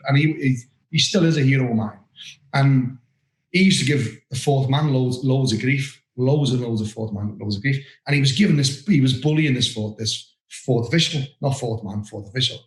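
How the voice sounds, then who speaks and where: A man co-hosting a casual referees' podcast, telling anecdotes with lively mimicry. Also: medium pitch, normal speed. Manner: animated anecdote-telling with mimicked voices and laughter. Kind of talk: casual chat, storytelling. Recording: roomy echo.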